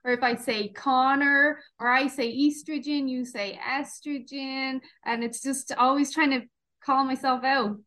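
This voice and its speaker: A woman's voice: high voice, fairly even intonation, normal speed, pushed and bright. A woman from Ireland with an Irish accent, hosting a podcast interview and summarizing points in a down-to-earth way. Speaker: podcast host.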